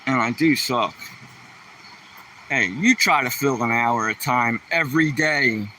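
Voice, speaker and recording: A man's voice: mid-range voice, a little slow, pauses often, pushed and bright, recorded from a distance, a little hiss or hum. A man hosting a casual livestream, rambling through corny jokes and mocking himself. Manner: rambling, self-mocking joke teller. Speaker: livestream host. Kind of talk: casual joke-telling livestream.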